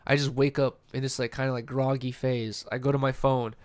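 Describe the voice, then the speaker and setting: A man's voice: medium pitch, little pitch movement, fairly quick, darkish tone, smooth. Young man rambling a slangy story. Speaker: podcast host. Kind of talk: casual after-show chat.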